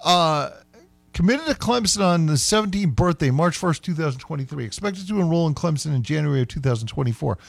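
A man hosting a sports radio show, chatting casually and playfully, sometimes slowing right down to sound out words. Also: a little high, lively intonation, vocal fry, no room sound.

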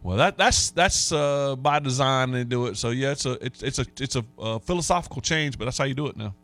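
A man's voice: medium pitch, fairly quick, no room sound, soft background music. Man telling sports radio stories. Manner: storytelling, animated when quoting others. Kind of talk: casual sports talk radio.

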